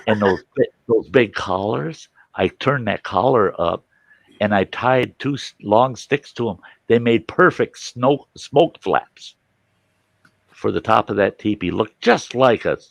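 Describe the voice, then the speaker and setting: Host, male, gravelly low voice, animated storyteller who does the family voices, dry close sound. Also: a little slow, no echo. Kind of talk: casual storytelling.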